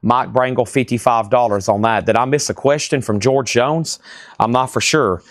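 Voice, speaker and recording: A man hosting a live record auction from a store, reading titles off fast and tossing in sarcastic asides. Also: mid-range voice, no room sound, studio quality. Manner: rapid-fire listing, joking and sarcastic asides. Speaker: live sale host.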